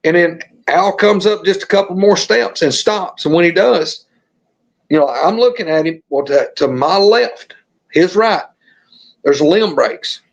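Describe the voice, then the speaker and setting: A man's voice: sits high, a little slow, gravelly, highs cut off. A middle-aged man from Alabama with a Southern accent, telling a story as a podcast guest and acting out the scenes. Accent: Southern American. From Alabama, USA. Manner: animated, acts out the scenes.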